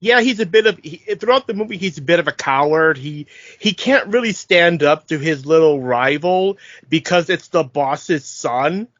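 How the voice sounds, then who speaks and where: A man's voice: fairly high pitch, expressive, moderate pace, fairly bright tone, no room sound. A man co-hosting a podcast, explaining film details and dropping wry one-line quips. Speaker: podcast co-host. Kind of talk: casual chat about a film. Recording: dull lo-fi dry sound.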